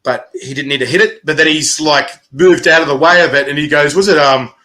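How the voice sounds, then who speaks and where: A man's voice: fairly high pitch, a little fast, bright, forceful tone. A man with an Australian accent hosting a casual chat, rambling with lots of fillers and laughing often. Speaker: host.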